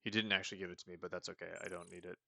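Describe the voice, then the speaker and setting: A man's voice: deep voice, flat delivery, very fast, vocal fry, background noise. A man hosting a let's play, thinking aloud in casual commentary and reading the game's text as he goes. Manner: rambling, thinking aloud with restarts. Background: game music.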